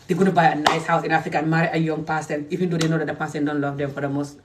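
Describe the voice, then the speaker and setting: A woman's voice: low-pitched, level tone, rapid-fire, recorded from a distance, noisy background. A woman from Gambia, talking straight to camera in a passionate, scolding rant. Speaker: vlogger.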